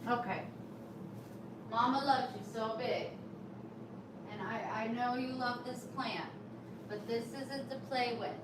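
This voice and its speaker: Woman cooing softly to her pets. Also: a little high, fairly even intonation, a little slow, roomy sound, distant mic. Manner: soft, cooing. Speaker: pet owner. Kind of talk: baby talk to pets. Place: home. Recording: background noise.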